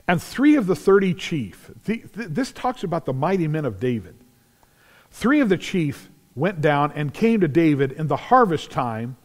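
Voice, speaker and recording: Animated preacher in a reverberant church. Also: male voice, fairly high pitch. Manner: animated storytelling, acts out scenes, shouts at climaxes. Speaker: pastor. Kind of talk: sermon. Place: large church sanctuary.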